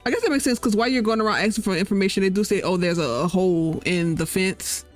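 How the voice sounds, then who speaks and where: A woman's voice: mid-range voice, fast talker, soft background music. A woman hosting a casual let's-play, chatting and rambling in a slangy way as she plays. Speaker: gaming channel host.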